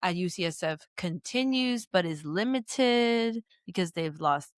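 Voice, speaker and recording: Woman, podcast co-host, lowish voice, inquisitive, pressing, dry close mic. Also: lively intonation, unhurried, no room sound. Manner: inquisitive, presses for plain answers. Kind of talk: casual podcast discussion.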